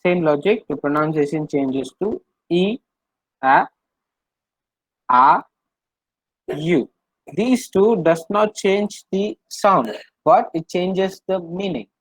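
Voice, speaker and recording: A man's voice: high-pitched, slow, pauses often, fairly bright tone, no echo, rough recording. A man teaching French in an online class, explaining patiently, repeating himself and using many fillers over a video call.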